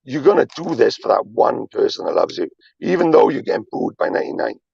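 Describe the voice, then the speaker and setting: A man at medium pitch, very animated and fairly quick, streams live with a darkish, gravelly, husky voice. His talk is rambling, emphatic and confessional, laced with swearing and repetition, on dull lo-fi audio with no room sound.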